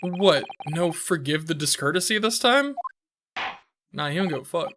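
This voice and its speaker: A man's voice: fairly high pitch, expressive, a little slow, long pauses, background noise. A man streaming a game, loosely joking, swearing often and reading game dialogue aloud. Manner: loose, swears a lot, jokey. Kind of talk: casual let's-play commentary with read-aloud game dialogue.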